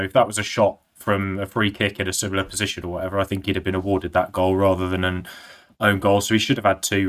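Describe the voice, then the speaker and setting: A man's voice: on the low side, a bit bright, clean tone. A man on a casual football podcast, giving a detailed, analytical breakdown of play. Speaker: podcast co-host.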